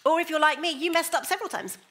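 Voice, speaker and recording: A woman preaching a sermon, moving between hushed, slow asides and lively, emphatic bursts. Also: extremely high pitch.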